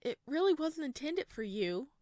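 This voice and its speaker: A woman's voice: high-pitched, very animated, normal speed, mellow, no echo, studio quality, pitched above the performer's own voice. A woman voicing a troubled young man who pleads in a shaken, anxious way, reading a visual novel aloud. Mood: tormented.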